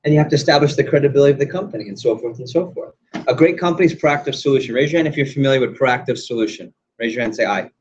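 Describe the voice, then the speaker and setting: A man's voice: mid-range voice, very fast, a little mellow, muffled recording, slight background noise. A man running an interactive sales training session, quizzing the room and acting out examples. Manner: quizzes audience, acts out examples.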